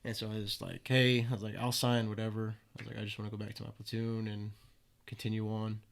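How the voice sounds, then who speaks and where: A man's voice: on the low side, little pitch movement, fast, creaky. A young man, a podcast guest, casually telling stories with plenty of swearing and acted-out quotes. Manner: laid-back, swears freely, acts out quoted voices. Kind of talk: casual storytelling interview.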